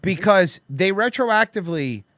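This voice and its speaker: A man's voice: sits high, lively intonation, measured pace, fairly bright tone, no room sound, studio quality. A man hosting a podcast, ranting and mocking in crude comedic banter. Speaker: podcast host.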